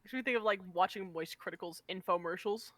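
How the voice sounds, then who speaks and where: A woman's voice: mid-range voice, fast, fairly bright tone, no echo. A young woman chatting casually as a player in a tabletop game, giggly and jokey.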